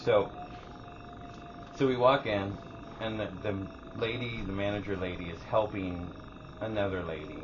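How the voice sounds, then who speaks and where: A man co-hosting a casual podcast, telling a story with a lot of energy. He acts out each person in it and swears freely. His voice sits low, and the recording sounds dull with a faint hiss. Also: fairly even intonation, moderate pace, pauses often. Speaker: podcast co-host. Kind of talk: casual chat.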